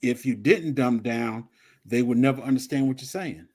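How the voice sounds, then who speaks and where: A man speaks in a casual live audio discussion. His voice sits at a middle pitch, and he explains his view in plain, measured words. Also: darkish tone, slightly rough. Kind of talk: casual chat.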